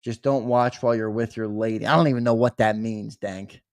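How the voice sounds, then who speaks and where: A young man hosting a casual live stream, chatting with viewers and reading names off a list in a lively, teasing way. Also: on the low side, a little fast, dry recording, clean studio sound. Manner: lively, teasing, talks straight to chat with "brother". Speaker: host of a sports live stream.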